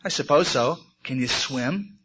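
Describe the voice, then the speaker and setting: A man's voice: mid-range voice, unhurried, fairly bright tone, husky. A man voicing a beaver who turns someone away in an apologetic, matter-of-fact way. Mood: polite. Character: polite but refusing beaver. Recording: muffled lo-fi recording.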